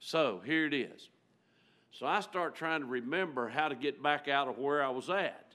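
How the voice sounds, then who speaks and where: A man preaching a storytelling sermon in a church, folksy and emotional, rising loud and dropping to a near-hush. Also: fairly high pitch, moderate pace. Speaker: guest preacher. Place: church sanctuary.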